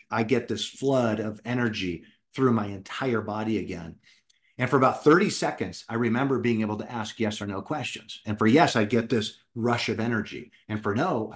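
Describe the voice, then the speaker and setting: A middle-aged man who writes children's books tells his personal story in an animated way and acts out what he said back then. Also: fairly low pitch. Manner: animated, acts out his own past words. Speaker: children's book author and founder.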